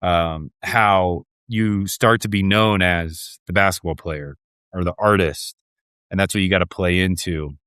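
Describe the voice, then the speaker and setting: Male host in his thirties, low smooth voice, dry close mic, earnest questions. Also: a bit bright, no room sound. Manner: earnest, halting, many fillers. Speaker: podcast host. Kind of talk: interview host.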